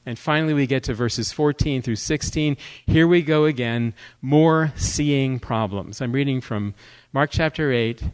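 A male guest speaker preaching a sermon with humor, joking and conversational, telling animated stories. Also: mid-range voice, a little slow, few pauses, clean tone.

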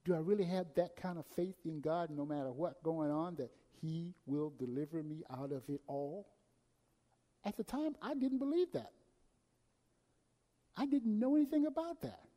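A man delivering a sermon in a fairly high but mellow voice. He swings from loud, urgent emphasis down to near-hushed passages. A long reverb trails each phrase. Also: moderate pace. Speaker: preacher.

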